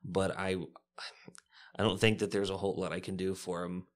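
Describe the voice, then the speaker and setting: A man playing in a tabletop game with a very deep voice. He talks hesitantly and stammers through his lines. He often restarts his sentences. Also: level tone, normal speed. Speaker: player. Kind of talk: tabletop game role-play.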